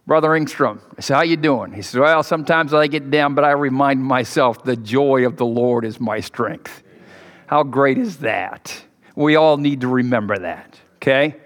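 High-voiced preacher man in a reverberant church hall. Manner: preaching with sharp swings between hushed lows and loud high peaks; rhetorical questions and repetition, joking asides. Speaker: pastor. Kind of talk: sermon. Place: church sanctuary.

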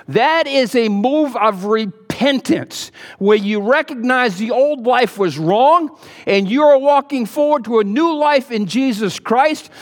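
Folksy preaching pastor, reverberant hall. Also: male voice. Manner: preaching, swinging between low asides and loud exhortation; folksy, joking storyteller. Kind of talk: sermon.

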